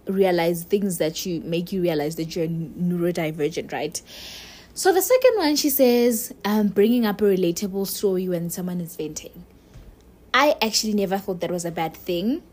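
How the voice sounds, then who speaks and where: A young woman talking candidly to camera in a relaxed vlog. Her pitch sits in a middle range, neither high nor low. She speaks directly to her listeners as she tells a personal story. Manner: chatty, candid, addresses viewer directly. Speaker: vlogger.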